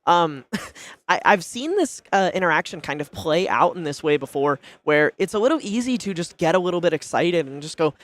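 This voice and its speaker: A man's voice: high-pitched, sing-song, normal speed, fairly bright tone, no room sound. A man commentating a card game tournament, chatty and anecdotal, full of little fillers.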